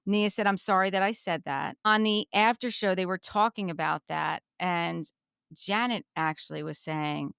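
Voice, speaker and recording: A woman's voice: fairly low pitch, creaky, clear, resonant tone, no room sound, studio quality. A woman from New Jersey co-hosting a podcast, chatting casually and retelling reality-show scenes with a lot of repetition. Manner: chatty, repeats herself, animated retelling. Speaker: podcast co-host.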